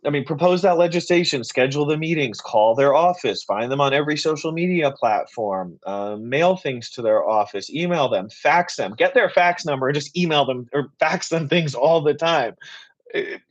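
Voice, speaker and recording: A man hosting a live Q and A stream, talking in a passionate, rapid, rambling way. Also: a little high, expressive, dull audio. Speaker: political writer and activist host.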